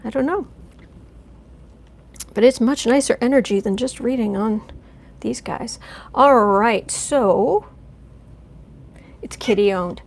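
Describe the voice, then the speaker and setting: Woman, higher voice with gravel, rambling live-stream tarot host, casual chat. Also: slow pace, long pauses. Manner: chatty, rambling, coos softly to her cat. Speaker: tarot reader, channel host.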